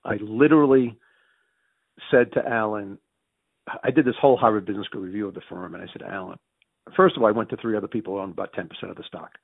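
A middle-aged man with a Northeastern US Yankee accent, telling business stories in an interview with fast, excitable restarts and acted-out dialogue. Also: gravelly, husky, dry recording. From Northeastern United States. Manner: fast, excitable, restarts sentences, acts out quoted dialogue with big pitch jumps. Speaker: interviewee, former mayor and finance executive. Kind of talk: animated storytelling in conversation. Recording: tinny, phone-like dry sound.

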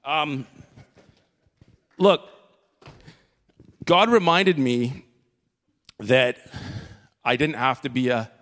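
A man giving an earnest church testimony from the stage, halting and full of fillers and restarts. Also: medium pitch, expressive, fairly bright tone. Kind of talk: emotional spoken testimony. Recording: long reverb of a large hall.

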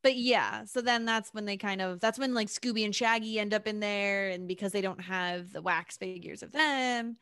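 A woman's voice: medium pitch, moderate pace, few pauses, a bit bright, clear, resonant tone, dry recording. Woman, podcast co-host, sassy, swears, dry sound. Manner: blunt, sassy, swears freely. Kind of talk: casual podcast chat.

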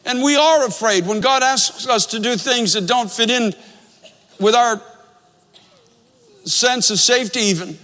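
A man's voice: extremely high pitch, a little slow, long pauses, pushed and bright, big-room sound. A man preaching a sermon, telling a story with earnest emphasis and repeating phrases to drive points home. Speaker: pastor.

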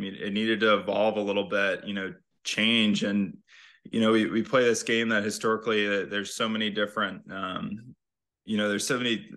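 Bright-voiced young pro golfer, easygoing. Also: male voice, lowish voice. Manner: relaxed, rambling, frequent restarts and fillers. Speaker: professional golfer guest. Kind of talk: casual interview talk.

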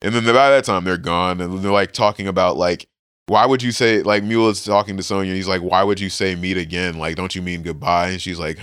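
Podcast co-host, male, low and smooth, loose slangy recap style with quick character voices. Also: fairly even intonation, a bit bright, no room sound. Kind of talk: casual chat recapping a manga.

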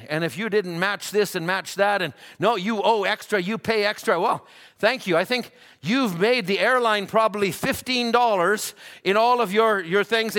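A man's voice: high-pitched, pushed and bright. A man preaching a sermon, telling folksy everyday stories that rise into fervent exhortation. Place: church sanctuary. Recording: long church reverb.

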